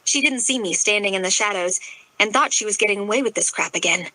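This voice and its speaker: A woman's voice: mid-range voice, fast talker, sharp tone, no room sound, rough recording. A woman narrating a romance audiobook in the first person, with emotional, dramatic delivery.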